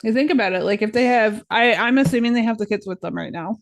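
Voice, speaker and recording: A woman's voice: on the high side, fast talker, no room sound. A young woman co-hosting a podcast, chatting casually and filling her talk with "like" and "right?". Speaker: podcast co-host; teacher. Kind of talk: casual chat.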